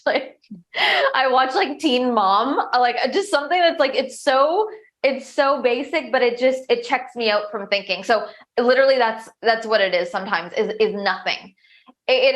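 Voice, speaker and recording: A young woman, a coach and show host, answers interview questions in a chatty, upbeat manner, with lots of restarts and filler words. Her voice is a little high with a fairly bright tone.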